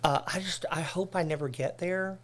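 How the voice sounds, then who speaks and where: A man's voice: sits high, normal speed, a bit bright. A man who performs in drag and does comedy, a podcast guest talking casually in loose, searching phrases with frequent restarts. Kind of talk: casual interview conversation.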